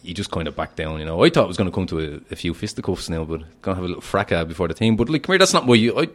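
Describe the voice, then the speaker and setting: A young Irish man who fights talks at a breakneck pace, his low-pitched voice full of lively inflection. As a podcast guest he's brash and boastful, often breaking into laughter in the casual conversation.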